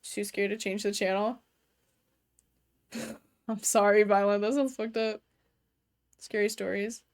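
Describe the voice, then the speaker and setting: This young adult streamer has a mid-range voice with little pitch movement and talks at a measured pace while playing a game in her bedroom. She chats casually, curses freely, and fills her speech with "like."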